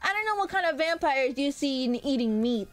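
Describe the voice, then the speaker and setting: A woman's voice: sits high, expressive, brisk. A woman streaming as a VTuber, chatting casually with her chat in a rambling way full of hesitant fillers. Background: faint background music.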